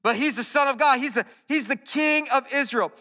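A man preaching a sermon, earnest and animated, often restarting his phrases. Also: very high voice, moderate pace. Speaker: pastor. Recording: long hall reverb.

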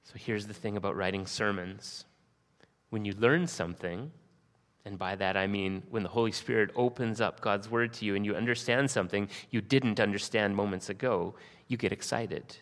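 A man with a fairly low voice preaches a sermon. He is earnest, reads scripture aloud and leans on rhetorical questions. His words ring out with the long reverb of a church sanctuary. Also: moderate pace, fairly bright tone. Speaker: pastor.

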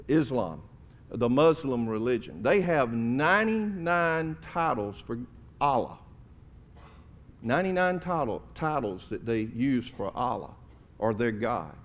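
A man, a pastor giving a conversational, folksy sermon to his congregation in a church, often dropping to soft, tender tones. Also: medium pitch. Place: church sanctuary.

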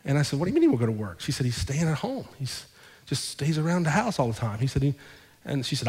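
A male pastor telling a story in a sermon, acting out both sides of the conversations with lively shifts in his voice. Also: a little high, fast, few pauses, breathy edge. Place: church sanctuary. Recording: long hall reverb.

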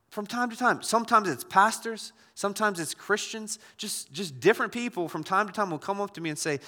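A man's voice: high voice, brisk, hardly any pauses, bright, forceful tone, big-room sound. A man preaching a sermon as a pastor, talking conversationally with frequent restarts and repeated words.

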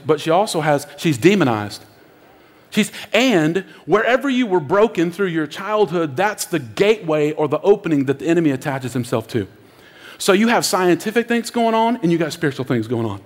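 Preacher, male, high and lively voice, big reverberant hall. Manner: animated, acts out voices in his stories. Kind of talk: animated sermon storytelling.

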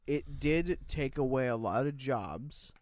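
A man's voice: medium pitch, expressive, slow pace, a little mellow. A young man from the United States chatting casually, rambling and hedging, with frequent restarts and casual swearing. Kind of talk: casual chat.

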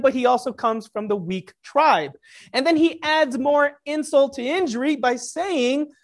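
A preacher delivers a sermon conversationally, tossing in jokey asides and suddenly raising his pitch and volume for emphasis.

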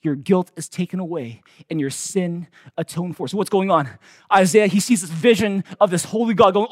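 High-voiced emphatic male pastor preaching. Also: normal speed, no echo, studio quality. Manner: emphatic preaching with big swings in loudness, acting out quoted voices. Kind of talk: sermon.

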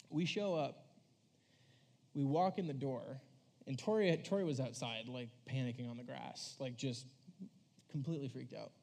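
A man's voice: medium pitch, moderate pace, vocal fry, long pauses, a little mellow. A young man giving a casual storytelling sermon to a youth crowd, rambling and filling his talk with "like" as he acts out quoted voices. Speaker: youth preacher.

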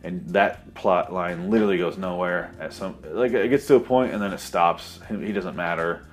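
A man's voice: low-pitched, normal speed, soft background music. A man giving a sarcastic, profane, rambling comedic recap of a movie plot.

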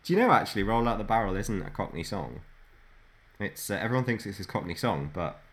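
A man with a very low, deep voice spins anecdotes in a loose, chatty podcast style. He laughs often as he goes, with an easy conversational rhythm. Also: very animated, a little fast, a bit bright. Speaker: podcast co-host. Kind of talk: casual storytelling chat.

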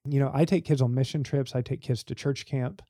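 Man, church youth leader, earnest storyteller, mellow, dry sound. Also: medium pitch, fairly even intonation, a little fast, no room sound. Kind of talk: podcast interview.

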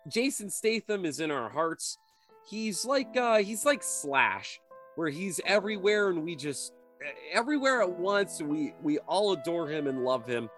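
A man's voice: high voice, sing-song, unhurried, fairly bright tone, faint music behind. A man co-hosting a comedy podcast, talking in a playful, jokey, casual way. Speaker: podcast co-host.

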